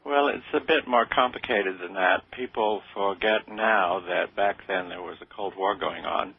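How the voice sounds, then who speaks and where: This radio interview guest is an older man whose deep voice sounds gravelly and husky, answering hesitantly and modestly with lots of fillers. There's no echo, but the audio is thin and tinny, as if over the phone.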